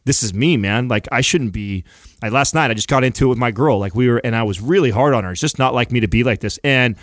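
A man's voice: medium pitch, fast talker, no room sound, clean studio sound. Earnest reflective man on a podcast. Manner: earnest, reflective, swears casually. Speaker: podcast host. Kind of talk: candid podcast conversation.

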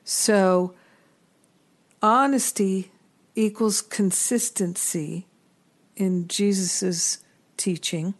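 Slow, earnest woman spiritual teacher. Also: mid-range voice, fairly even intonation. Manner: unhurried, earnest, with gentle self-deprecating asides. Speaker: spiritual teacher and podcast host. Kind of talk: reflective spiritual teaching talk.

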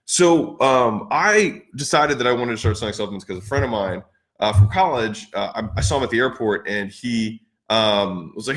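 A man's voice: medium pitch, expressive, fairly quick, fairly bright tone, echoey room. A man hosting a podcast, telling sales stories casually with many fillers and restarts and acting out both sides of past conversations. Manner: rambling, filler-heavy, acts out past dialogue. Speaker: podcast host. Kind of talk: casual business talk.

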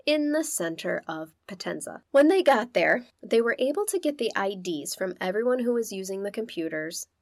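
A woman's voice: mid-range voice, very animated, normal speed, few pauses, darkish tone, no echo, studio quality. A woman co-hosting a podcast, telling a true-crime story in a casual, chatty way with sarcastic asides.

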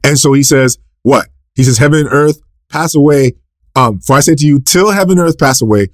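A man's voice: dry recording, studio quality. A man preaching a sermon, asking and answering his own questions and rising sharply for emphasis. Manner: asks and answers his own questions, repeats scripture quotes; rises sharply in pitch and volume for emphasis. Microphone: recorded for a podcast.

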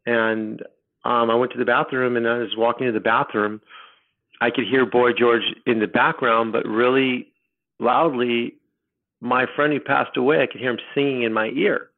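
A middle-aged man telling his personal story as a podcast guest, rambling and halting with many restarts. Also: mid-range voice, fairly even intonation. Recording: tinny phone line.

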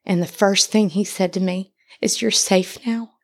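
A woman in her thirties, a podcast guest, telling a personal faith story with animated, laughing delivery and acted-out quotes. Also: mid-range voice, moderate pace. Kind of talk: personal testimony.

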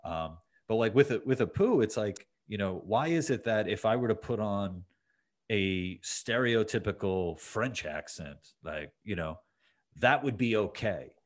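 Male podcast host with a very low voice, loose conversational delivery. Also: animated, unhurried. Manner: rambling, many fillers and restarts. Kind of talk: casual conversation.

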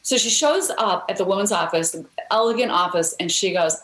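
A woman's voice: mid-range voice, animated, fairly quick, hardly any pauses, a bit bright. A middle-aged woman, a guest author, telling a story earnestly in a podcast interview, with fillers and restarts. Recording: roomy echo.

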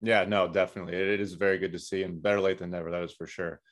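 A male podcast host asks his guest casual questions in a quick, chatty way. His voice sits fairly low and his phrasing stays loose. He tends to stack up half-started clauses before getting to his point. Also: level tone.

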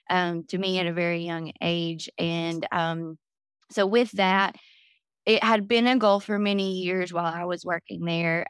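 Woman, podcast guest, candid and animated, low smooth voice, dry close sound. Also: no room sound. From Florida. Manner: candid, animated storytelling with many fillers. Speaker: podcast guest, business owner. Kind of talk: casual interview talk.

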